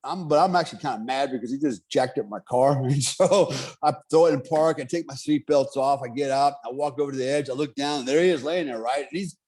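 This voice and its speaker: A middle-aged man telling a story in casual chat, animated, swearing and laughing often. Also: mid-range voice, fast talker, few pauses, husky.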